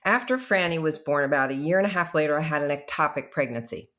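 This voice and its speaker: A woman's voice: deep voice, fast talker, fairly bright tone. An older woman, a guest author, telling her faith story in an earnest, reflective way on a podcast interview.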